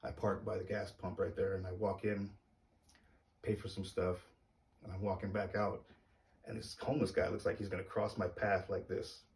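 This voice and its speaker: Man, very low voice, hesitant casual storytelling, mic a bit distant. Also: flat delivery, darkish tone. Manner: hesitant, halting, uneasy on camera. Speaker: vlogger telling a personal story.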